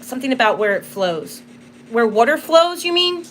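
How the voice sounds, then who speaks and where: A woman's voice: on the high side, very animated, normal speed, a bit bright, slight background noise. A woman hosting a live spirit box session, emotional and apologetic as she talks to the spirits, close to tears. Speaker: tarot reader and spirit box host.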